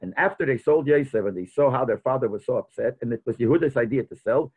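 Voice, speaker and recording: A man's voice: medium pitch, quick pace, slightly rough. A man teaching a Torah lesson as a rabbi, mixing Hebrew and Yiddish terms into his English and thinking aloud as he explains. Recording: tinny phone-like audio.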